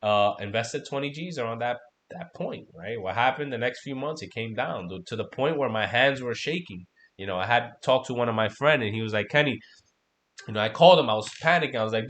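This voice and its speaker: A man's voice: medium pitch, animated, fairly quick, a bit bright. A man hosting a casual trading livestream, talking loosely and profanely while going over charts, peppering his talk with "man" and "right?". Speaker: crypto trading stream host.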